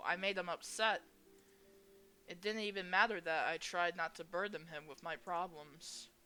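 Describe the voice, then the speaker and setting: A woman's voice: fairly low pitch, bright, forceful tone, clear, resonant tone. A woman reading a visual novel's anxious protagonist, narrating worried inner monologue. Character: anxious young protagonist, self-blaming. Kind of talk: voicing a visual novel aloud.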